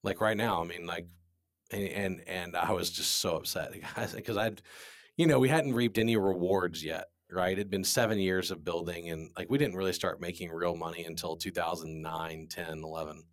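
A man's voice: sits low, fairly even intonation, normal speed, dry recording, clean studio sound. A man in his forties, a business owner, telling a candid story in an interview with emphatic restarts. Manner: earnest, repetitive restarts, emphatic.

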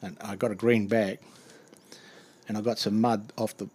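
Man, husky voice, lively anecdote, laughs a lot, mimics voices. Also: on the low side, moderate pace. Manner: animated anecdote, acts out voices, laughing often. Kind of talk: casual storytelling.

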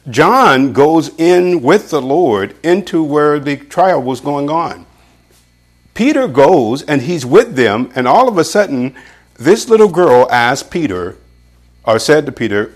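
A man preaching a sermon in an animated way, with chuckles and measured scripture readings. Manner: animated, pitch jumps for emphasis, chuckles often; reads scripture aloud in an old-fashioned, measured cadence.

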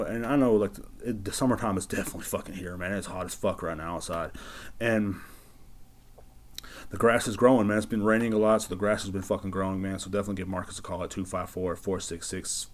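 A man's voice: low-pitched, steady tone, fast talker, slight background noise. A man hosting his own podcast, ranting in a rambling, sarcastic, profane way. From United States. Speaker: podcast host. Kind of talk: casual solo podcast rant.

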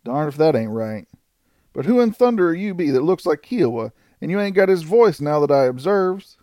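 A man voicing a coarse, desperate male outlaw in an audiobook, with rough frontier dialect. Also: fairly high pitch, big pitch swings, moderate pace, dark tone, no echo, clean studio sound, voice pushed up. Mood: alarmed.

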